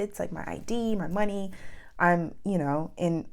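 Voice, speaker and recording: A young woman from New York telling a personal story in a casual vlog, animated and full of "like" fillers as she acts out what people said. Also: on the low side, normal speed. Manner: animated, with many "like" fillers and acted-out quotes. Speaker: vlogger.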